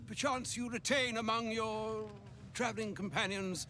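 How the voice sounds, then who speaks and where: A long-winded ancient wizard. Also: male voice, sits high, steady tone, moderate pace, pushed and bright, slight background noise. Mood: courtly. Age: older. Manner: archaic, elaborate, pompous phrasing. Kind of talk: video game voice acting.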